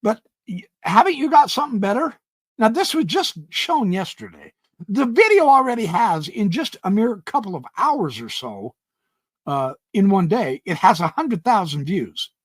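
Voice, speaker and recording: A man's voice: high voice, sing-song, moderate pace, husky, dry recording. A man hosting his own reaction channel, talking emphatically and indignantly, often stumbling over the first words of a sentence. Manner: emphatic, stammering restarts, indignant.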